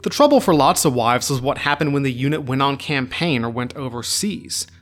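A male history podcaster narrating in a mid-pitched voice, wry and irreverent, with casual jokes between facts. Faint music plays underneath. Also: expressive, fairly quick. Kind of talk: scripted narration with jokey asides.

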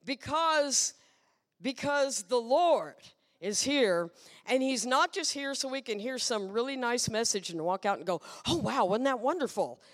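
A woman guest preacher giving a lively, playful sermon and asking the congregation questions. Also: a little high, a little slow, in a large hall. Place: church sanctuary.

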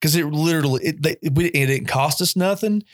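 A man's voice: a little high, brisk, no room sound, studio quality. Joking man. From eastern Kentucky. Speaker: podcast co-host. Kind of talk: casual banter.

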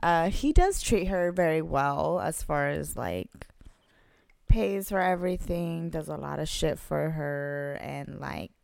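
A woman's voice: low-pitched, slow, gravelly, darkish tone, no room sound. A young woman co-hosting a podcast, talking casually with slang and thinking things through. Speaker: podcast co-host. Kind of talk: casual chat.

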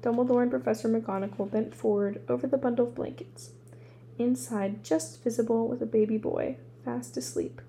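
A woman reads a storybook aloud in a steady, unhurried way, sometimes stopping to restart a word. Her voice sits a touch high, with a mellow warmth and a gravelly texture, and a faint hum runs behind her. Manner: steady reading with occasional restarts. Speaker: audiobook reader.

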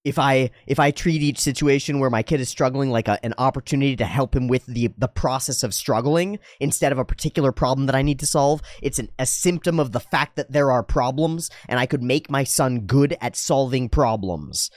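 Podcast guy rambling thoughtfully, does all the voices in his stories, mid pitch, dead dry sound. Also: a little fast, few pauses, no room sound. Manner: animated storyteller, acts out dialogue in voices; swears casually. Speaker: podcast host. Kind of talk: casual reflective monologue.

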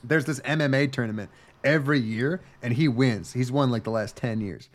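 A man on a casual comedy podcast, recapping a story with lots of swearing and quick, animated character voices. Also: mid-range voice. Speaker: podcast co-host.

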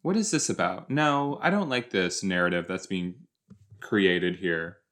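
A man's voice: low-pitched, lively intonation, a little slow, fairly bright tone. A young man in casual reaction commentary, rambling and joking as he reacts to a TV episode. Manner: chatty, rambling, jokey, puts on silly voices. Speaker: podcast host reacting to a TV episode.

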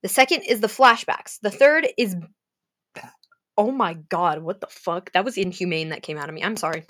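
A young woman gushing about a book to her viewers, swearing freely and swinging between gasps, whispers and shouts. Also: medium pitch, normal speed, dry recording, studio quality. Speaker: fanfiction vlogger. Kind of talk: emotional casual rant about a book.

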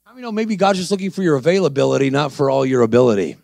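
Preaching a sermon, this man speaks in a medium pitch at a racing pace, his slightly mellow voice edged with vocal fry. He acts out the dialogue in his story and calls out to the congregation.

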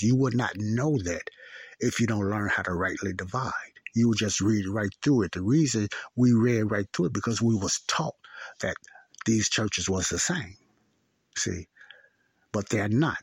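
Low husky preaching man. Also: no room sound. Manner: earnest, repeats phrases, asks "See?". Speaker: Bible teacher. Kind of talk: Bible study teaching.

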